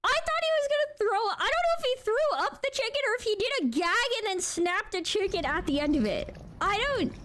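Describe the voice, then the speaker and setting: A woman streamer giving casual live reaction commentary, excitable and slangy, laughing and exclaiming often. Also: very high-pitched, a little fast, hardly any pauses, slight background noise. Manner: slangy, says bro.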